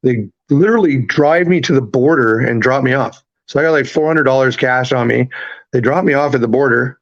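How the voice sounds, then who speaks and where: Rambling man telling his story. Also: mid-range voice. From Canada. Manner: rambling, halting, many fillers and restarts. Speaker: podcast guest. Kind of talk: casual storytelling. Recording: slightly dull lo-fi audio.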